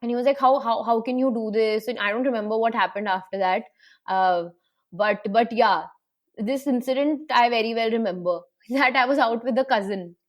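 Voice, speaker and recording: A young woman, a guest telling stories in an animated way. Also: fairly high pitch, normal speed. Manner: animated storyteller, acts out quoted voices. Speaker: panel guest. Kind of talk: casual storytelling in a panel chat.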